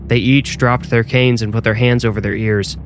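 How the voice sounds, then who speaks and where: A man narrating a scripted horror story in a measured, even storytelling way. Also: medium pitch, slight background noise.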